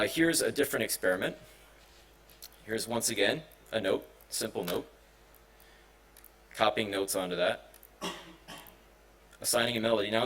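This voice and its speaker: A conference speaker with a lowish, somewhat bright voice presents on simulation and music in a conference hall, captured in a low-quality recording. Though the talk is technical, he speaks casually, using many fillers and frequently restarting.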